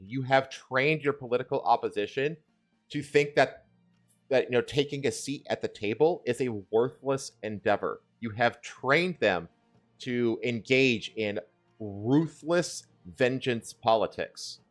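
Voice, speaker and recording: A man with a mid-range voice co-hosts a casual political news chat. He builds long, emphatic rants, slowing down to stress his points and filling gaps with "um" and "like", over faint background music. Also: medium pitch. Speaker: co-host of a news talk stream.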